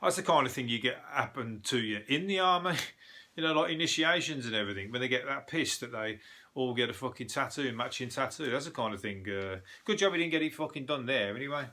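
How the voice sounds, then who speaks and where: A comedian from Birmingham, England, with a Brummie accent hosts a show, rambling through news stories in a sweary monologue and laughing at his own jokes. His mid-range voice is bright and forceful, and he talks fast.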